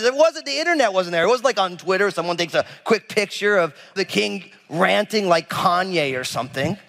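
A man preaching a sermon as a pastor, animated and conversational, acting out the people in the story with casual asides. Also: high-pitched, fairly quick, vocal fry, hardly any pauses, in a large hall. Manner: animated, acts out biblical figures with casual asides.

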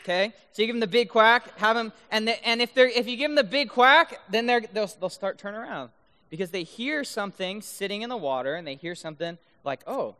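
Youth speaker, male, high and bright voice, playful, keeps asking "right?", long hall reverb. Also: animated, fairly quick, clear, resonant tone. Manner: playful, keeps checking in with the audience. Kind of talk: youth talk with duck call demos. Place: large room full of high schoolers.

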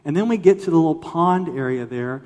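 Pastor, male, expressive storytelling sermon, big swings in volume; hall reverb. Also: fairly high pitch, fairly quick. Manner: animated storytelling, acts out quoted voices.

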